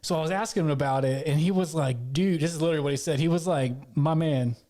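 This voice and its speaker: A man's voice: on the high side, fast, warm tone. A man with a Southern US accent hosting a podcast. He has had a couple of bourbons and rambles along casually, chuckling and swearing as he talks. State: tipsy after a couple of bourbons. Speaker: podcast host.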